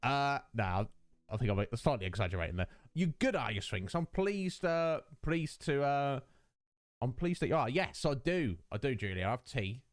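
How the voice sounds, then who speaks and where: A man's voice: medium pitch, animated, moderate pace, no echo, clean studio sound. A man, chatting casually with his livestream viewers, greeting them by name and laughing often. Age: 30s. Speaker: streamer.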